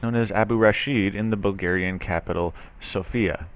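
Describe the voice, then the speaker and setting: A man's voice: on the low side, fairly quick. A man reading a news article aloud and commenting on it, skeptical and sarcastic, with loose talk full of fillers. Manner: loose, with frequent fillers and restarts. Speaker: commentary video host.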